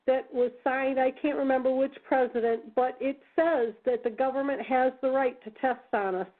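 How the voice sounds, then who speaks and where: A woman's voice: high voice, fairly even intonation, normal speed. A woman hosting a casual radio talk, earnest and running on in long sentences. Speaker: host. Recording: phone line.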